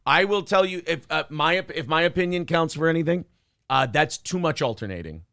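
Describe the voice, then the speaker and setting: A man's voice: a little high, fairly quick, creaky, no room sound, studio quality. A man hosting a casual morning podcast, chatting bluntly with heavy swearing and reading viewer messages aloud. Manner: blunt, profane, animated storytelling. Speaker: morning show host. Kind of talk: casual podcast banter, reading super chats.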